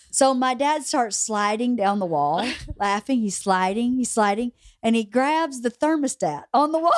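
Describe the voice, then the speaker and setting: A woman's voice: on the high side, no room sound, studio quality. Laughing woman telling a story. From small rural town in the US. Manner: animated, laughs through the story. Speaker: podcast host. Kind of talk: casual storytelling chat.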